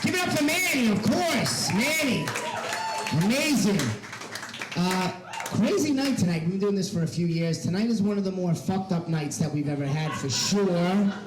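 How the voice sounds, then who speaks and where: A man in his forties with a high voice hosts a live comedy night, excitable and hyping the room. The club is echoey, with a lively crowd behind him. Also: normal speed, very noisy. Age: 40s. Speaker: comedy show producer and host. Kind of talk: hosting a stand-up show. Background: audience.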